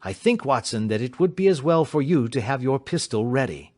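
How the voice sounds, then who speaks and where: A man's voice: medium pitch, fairly quick, pitched above the performer's own voice, close to an everyday voice. A man voicing a keen, commanding male detective in an audiobook reading. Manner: crisp, authoritative, animated.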